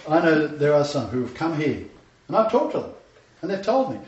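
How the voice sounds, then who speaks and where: A man's voice: a little high, big pitch swings, brisk, a little mellow. A man preaching with emphatic repetition, his voice slightly raised. He is recorded from a distance in an echoey room, and the sound is a little dull. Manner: emphatic, repeats scripture phrases. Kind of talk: sermon with congregation interjections.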